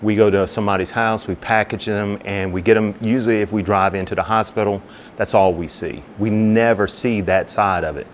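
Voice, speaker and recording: A man with a very low voice tells a personal story in an interview. He is relaxed and chatty and keeps slipping into the voices of the people he talks about. A faint low rumble sits under the recording. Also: brisk. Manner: animated storyteller who acts out both sides of conversations; relaxed, conversational, with many "you know" asides. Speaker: fire captain and business owner.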